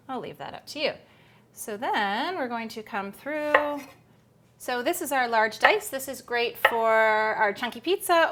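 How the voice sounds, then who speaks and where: A woman's voice: on the high side, a bit bright. A woman hosting a cooking demonstration, chatty and upbeat with playful asides. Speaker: cooking show host.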